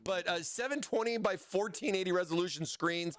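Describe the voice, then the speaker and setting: A man's voice: high voice, brisk, fairly bright tone. A man hosting a casual product livestream, rambling and often stammering and repeating words. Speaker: livestream host.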